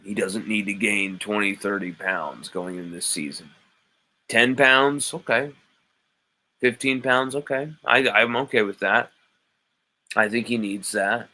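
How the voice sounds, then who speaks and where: A man's voice: lowish voice, a little slow, sharp tone, low-quality recording. A man hosting a live sports stream, reading chat comments aloud and arguing back with playful mock indignation.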